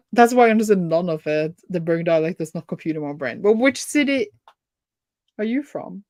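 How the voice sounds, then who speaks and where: A chatty, giggly woman with a Norwegian Bergen accent talks in a casual chat over a video call. Her voice sits a little low, and the sound is close and dry, with no room around it. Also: expressive, moderate pace, a little mellow, no room sound. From Norway. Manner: chatty, giggly, lots of fillers. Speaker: booktuber co-host. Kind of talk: casual chat on a reading stream.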